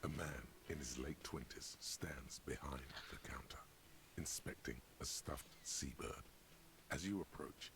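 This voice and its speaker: A man voicing a wry, dramatic inner narrator in a video game, speaking in slow, grave storytelling tones with dry irony. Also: exaggerated voice. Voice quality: deep, gravelly.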